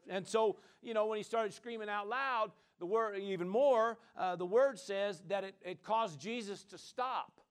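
A man preaching a sermon, his voice sitting a little high for a man. He talks in a loose, conversational way, full of fillers and call-and-response amens. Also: unhurried, hardly any pauses, clear, resonant tone. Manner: casual, conversational delivery with many fillers. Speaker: pastor.

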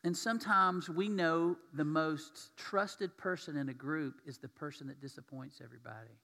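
A man preaching in a church sanctuary, his slightly high, bright and forceful voice carrying a long reverb tail through the hall. He keeps the sermon conversational, often turning to his congregation with questions. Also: moderate pace. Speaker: pastor.

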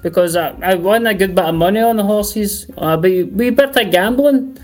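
A man's voice: high voice, moderate pace, soft background music. A Scottish man chatting as a guest on a stream, tipsy and sweary, rambling through jokes. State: tipsy from drinking. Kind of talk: casual chat.

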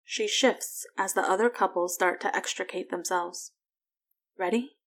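A woman reads a story aloud in a slightly low voice. Her delivery is soft and even, sinking to a hush in quiet moments. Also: normal speed. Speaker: narrator. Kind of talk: fan fiction reading.

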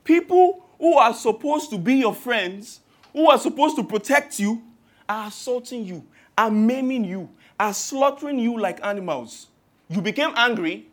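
Nigerian guy preaching a sermon, high voice, funny and rhetorical, rattles off long lists. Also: animated, moderate pace. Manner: humorous, rhetorical, piles up long spoken lists.

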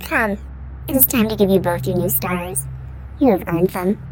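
A woman voicing a cold, defiant female robot in an audio drama, speaking in a flat, clipped, calculating way. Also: medium pitch, normal speed, a crowd in the background, lightly acted. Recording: noisy background hiss.

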